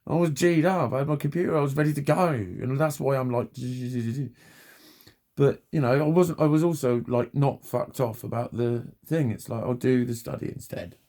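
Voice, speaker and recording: Gravelly, sweary man in his forties. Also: medium pitch, normal speed, mellow. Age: 40s. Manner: sweary, chatty, self-mocking, laughs often. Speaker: vlogger. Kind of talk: rambling personal monologue.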